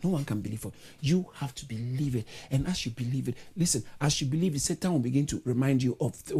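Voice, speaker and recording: A preacher delivering a fervent sermon over an online video meeting, moving between shouted declarations and quiet pleading. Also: medium pitch, quick pace, slightly rough.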